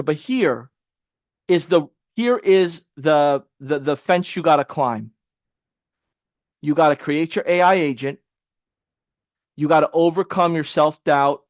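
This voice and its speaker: Male coach, high voice, energetic, repeats himself, casual motivating talk, dry and dull lo-fi sound. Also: dry recording. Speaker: webinar coach. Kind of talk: live online training.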